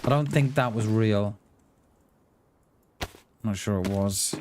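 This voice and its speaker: A man's voice: fairly low pitch, takes it slowly, noisy background. A man from the UK streaming a survival game, chatting casually and talking to himself as he plays. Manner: chatty, talks to himself while playing. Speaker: livestreamer. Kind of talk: casual gameplay commentary.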